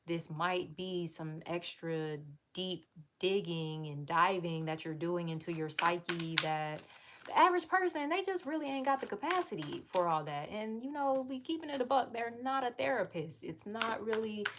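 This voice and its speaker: A chatty woman tarot reader talks in a candid, casual way, swearing freely and laughing often. Her voice sits fairly low. A steady noise runs behind her the whole time. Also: moderate pace. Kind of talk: casual livestream tarot reading. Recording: audible background noise.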